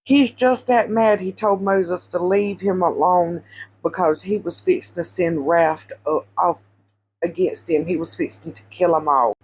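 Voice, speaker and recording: A woman casually retelling Bible stories, animated, repeating phrases for emphasis and quizzing her listeners. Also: fairly low pitch, unhurried, slightly rough. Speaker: Christian social media storyteller.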